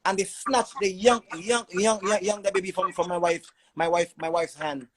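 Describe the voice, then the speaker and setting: High-voiced man giving urgent testimony. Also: steady tone, moderate pace, fairly bright tone, low-quality recording. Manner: urgent, repeats words in long stammering runs. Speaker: father telling his story. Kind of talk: emotional personal testimony.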